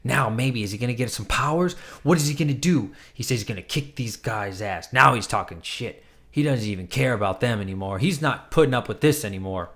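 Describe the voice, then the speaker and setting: A man's voice: mid-range voice, animated, brisk, a bit bright. A man casually reviewing a comic book, retelling the plot with enthusiastic, chatty energy.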